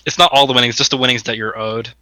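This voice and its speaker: A man's voice: medium pitch, steady tone, racing, bright, forceful tone, clean tone, no room sound, poor audio. A man playing a tabletop game, speaking in a plain, matter-of-fact way. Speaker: player. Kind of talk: tabletop role-play.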